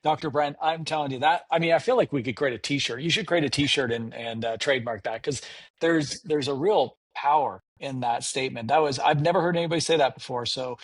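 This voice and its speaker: A man hosting a podcast interview, enthusiastic and warm in praise, often repeating words as he starts a thought. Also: on the high side, brisk, husky, dry recording, clean studio sound. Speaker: podcast host. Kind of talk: casual interview.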